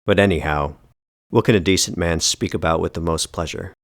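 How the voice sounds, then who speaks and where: A man narrating a first-person novel as an audiobook, with a measured, deliberate and bitterly ironic delivery. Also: low-pitched, no room sound, clean studio sound.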